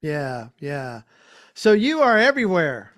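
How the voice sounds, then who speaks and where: A man hosts a casual podcast interview over a video call, speaking slowly in a fairly high, bright voice with big pitch swings. He's effusive and enthusiastic, laughing easily.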